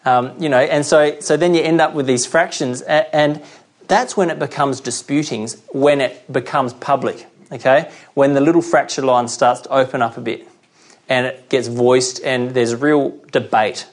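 A man preaches a sermon in a chatty, middle-pitched voice. He slows down for scripture readings and keeps checking in with his listeners. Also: fairly even intonation. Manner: conversational, checks in with "okay?"; reads scripture slowly.

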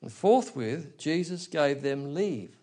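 Man preaching through a bible passage, mid pitch, asks the room questions. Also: normal speed, a little mellow. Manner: explains scripture verse by verse, rhetorical asides. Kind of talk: expository sermon.

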